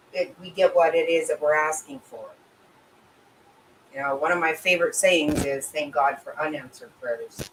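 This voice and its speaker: A woman's voice: sits low, echoey room. A middle-aged woman hosting a casual livestream and reading viewers' comments, emotional and sympathetic, rambling with restarts. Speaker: livestream host reading chat. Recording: voice a bit distant from mic with faint ambient noise.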